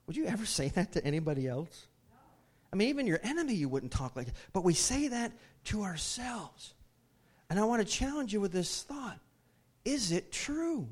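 A man with a notably high-pitched voice delivers a sermon to his congregation. He preaches emphatically, repeating phrases and asking the listeners questions. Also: very animated, normal speed. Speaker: pastor.

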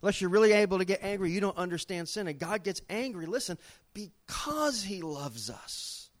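A middle-aged man preaching a sermon, telling stories with dramatic swings in pitch and loudness. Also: animated, normal speed. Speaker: pastor.

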